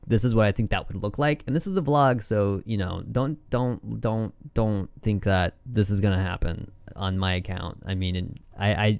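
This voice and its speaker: Giddy, excitable man talking charts. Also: lowish voice, dry recording, studio quality. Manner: excitable, laughs and whoops, giddy. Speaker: trading vlogger. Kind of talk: casual chart commentary.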